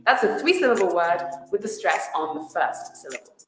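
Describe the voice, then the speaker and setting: A woman narrating a scripted pronunciation lesson in a lively voice that swoops up on stressed words. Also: fairly low pitch, fairly quick. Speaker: pronunciation teacher in a video. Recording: echoey room with music behind.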